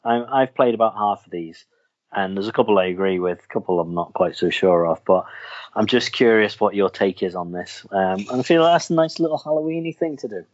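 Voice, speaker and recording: A man's voice: on the low side, a little fast. A man hosting a podcast, chatting casually about films and games in a rambling way with lots of restarts. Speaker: podcast host. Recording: dull lo-fi recording.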